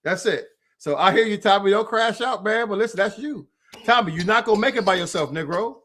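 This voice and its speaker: An American political commentary host, animated and fairly quick, has a high, fairly bright voice. During his livestream he rants hotly and profanely, naming an absent rival and addressing him head-on.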